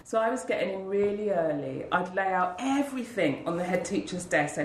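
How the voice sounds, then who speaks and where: A woman's voice: medium pitch, lively intonation, fairly quick, few pauses, background noise. A woman guest in an interview, earnestly telling a heartfelt personal story and acting out the voices of people she quotes. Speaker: interview guest, school leader. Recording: roomy echo.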